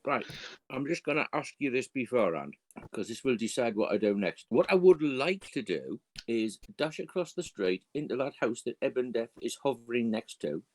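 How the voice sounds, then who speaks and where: Man, tabletop player, deliberate plain speech, dry close sound. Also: mid-range voice, very animated, a little mellow, no room sound. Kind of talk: casual tabletop game chat.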